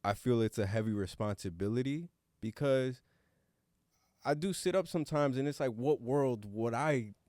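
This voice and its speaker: A man's voice: mid-range voice, moderate pace, a little mellow, dry recording, studio quality. A man co-hosting a casual podcast roundtable, talking earnestly and reflectively, now and then swearing casually. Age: adult with young son. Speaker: podcast co-host.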